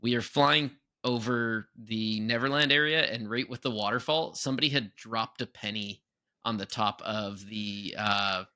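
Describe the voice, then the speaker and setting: Bright-voiced animated podcast man. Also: normal speed. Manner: animated, breaks into high exaggerated impressions. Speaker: podcast co-host. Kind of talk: casual chat.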